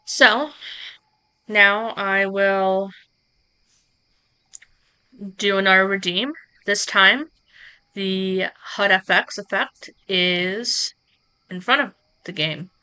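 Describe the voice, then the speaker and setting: A woman streamer walking her viewers through streaming software in a relaxed, chatty live tutorial, talking into a close microphone at her home setup. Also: mid-range voice, drawn-out words, pauses often, clean tone. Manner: relaxed, chatty explaining with asides to chat.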